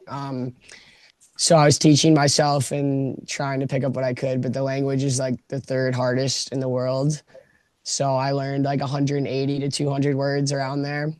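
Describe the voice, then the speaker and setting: A man, chatting casually as a guest on a podcast, easygoing and quick to laugh. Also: mid-range voice, darkish tone, no echo. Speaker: hockey player guest.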